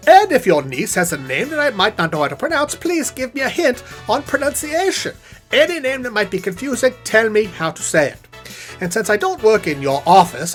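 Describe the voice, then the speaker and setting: A performer voicing a vain male puppet professor who talks to camera as a comic spokesman, theatrical and sassy. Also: a bit bright. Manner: theatrical, sassy, swooping pitch. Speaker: puppet spokesman for custom videos. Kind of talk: comic scripted monologue to camera. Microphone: on-camera puppet set.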